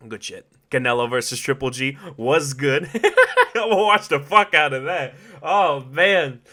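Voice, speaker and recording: Podcast host, male, high and very bright voice, profane, slangy, animated solo talk. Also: unhurried. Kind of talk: casual solo commentary.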